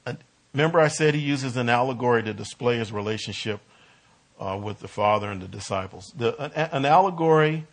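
Leading a Bible study, a man talks in a mid-range voice, stopping and restarting as he goes and putting heavy stress on important words.

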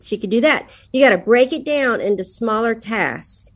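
A woman's voice: on the high side, lively intonation, normal speed. Woman giving chatty parenting advice. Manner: storytelling, quotes her kids. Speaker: podcast guest, parenting speaker. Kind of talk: casual advice talk.

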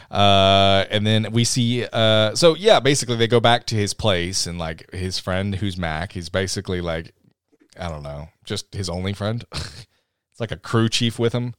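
A man co-hosting a casual podcast, recapping a film in a jokey, animated way. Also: low voice, measured pace, clear, resonant tone, no echo, studio quality. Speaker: podcast co-host.

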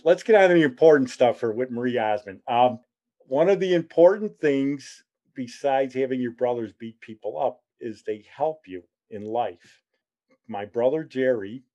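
A man's voice: mid-range voice, mellow, highs cut off. Middle-aged man, show host, casual storytelling, rambling asides, self-mocking humor.

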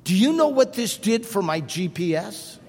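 A middle-aged man preaching a sermon as pastor, animated and emphatic, firing off rhetorical questions and repeating for emphasis. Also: high voice, normal speed, a little hiss or hum. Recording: long reverb of a large hall.

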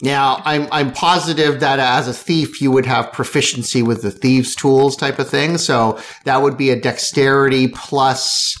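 A man's voice: mid-range voice, fairly even intonation, measured pace, few pauses, a bit bright. A man narrating as game master, rambling with many fillers.

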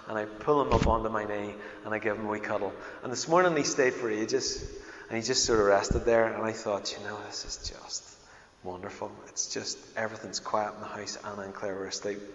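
A man's voice: fairly low pitch, slight background noise. Middle-aged Northern Irish man, pastor, emphatic sermon, dull roomy hall sound. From Northern Ireland. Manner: emphatic, swings between loud proclaiming and quiet intimate storytelling. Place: church hall. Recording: dull, echoey hall recording.

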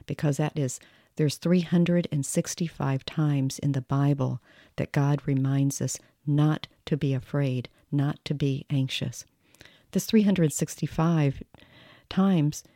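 A woman's voice: low voice, dark tone, dry recording, studio quality. A middle-aged woman, the host's mother, giving an earnest faith testimony with a preacherly, emphatic delivery.

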